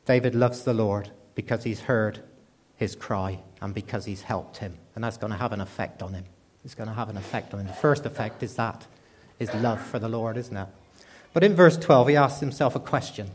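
A man's voice: lowish voice, normal speed, darkish tone, breathy edge. Man preaching a conversational sermon. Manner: conversational, asks many rhetorical questions.

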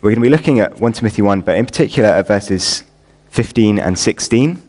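A man's voice: lowish voice, lively intonation, brisk, darkish tone. A man preaching in a church, praying and then explaining a passage, building to earnest emphasis on key lines. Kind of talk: sermon with prayer.

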